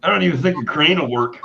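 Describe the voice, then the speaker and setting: A man's voice: a little high, gravelly, bright, forceful tone. A middle-aged man co-hosting a livestream, swearing freely and laughing often as he tells stories in casual banter. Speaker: livestream co-host. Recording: slightly muffled with faint noise.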